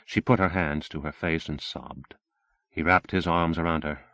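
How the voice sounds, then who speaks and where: A man's voice: very deep voice, normal speed, vocal fry, a bit bright, no room sound, muffled recording. A man narrating a novel, reading expressively from an old cassette recording. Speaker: audiobook narrator. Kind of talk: scripted narration.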